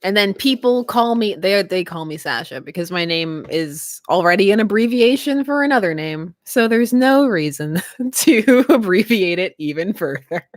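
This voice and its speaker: A chatty woman hosts a casual livestream, laughing easily between thoughts. Her pitch bounces around a lot as she talks. The sound is dry and close, with no room echo. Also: expressive, moderate pace. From Canada. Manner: chatty, giggly, laughs often. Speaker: livestream host.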